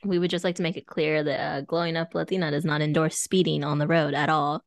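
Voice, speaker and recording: A woman co-host with a lowish voice talks casually with friends, asking questions and laughing often. Her voice sounds dry and close to the mic. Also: little pitch movement, fast talker, no echo. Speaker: podcast co-host. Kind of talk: casual chat.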